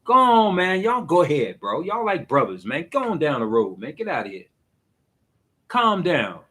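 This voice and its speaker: A man acts out a relaxed police officer waving off a squabble between friends. He sounds unbothered and dismissive, with a bright voice that swings around in pitch. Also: normal speed, exaggerated voice. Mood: easygoing. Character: easygoing male police officer breaking up an argument.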